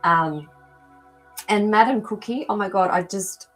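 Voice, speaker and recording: A woman's voice: mid-range voice, measured pace, a bit bright, poor audio. Chatty woman host, faint music behind. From not from America. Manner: chatty, thinks aloud with many ums. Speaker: animal communicator, show host. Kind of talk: live-stream reading for viewers.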